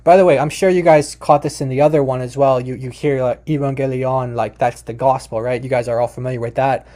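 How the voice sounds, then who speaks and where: A warm, mid-range male voice with fairly even intonation presents a lesson on Aramaic in a casual way. He restarts his sentences often, uses plenty of fillers, and talks straight to viewers, calling them "you guys." He repeats words slowly so listeners can follow his explanation.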